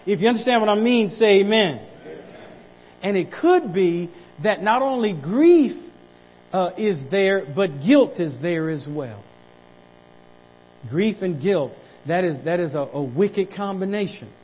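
Pastor, male, high voice, sermon delivery with repeated words and calls for amen; lo-fi sound. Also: expressive, measured pace.

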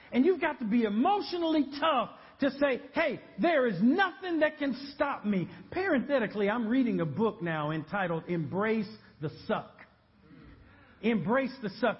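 A male pastor preaching a sermon, animated and humorous, building to shouts. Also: sits high, big-room sound, lo-fi sound.

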